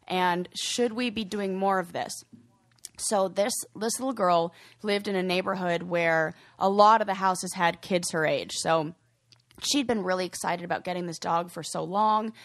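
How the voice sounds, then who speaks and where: A young woman co-hosting a podcast, telling a story in a gushing, emotional way. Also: on the low side. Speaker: podcast co-host. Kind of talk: casual chat.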